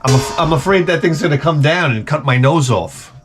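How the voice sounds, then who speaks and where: A man's voice: a little high, fairly quick, over loud music. A man in his forties with a sarcastic, self-mocking manner, rambling through a comic story outdoors by his shed. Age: 40s. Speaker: vlogger. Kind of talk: rambling comedic monologue.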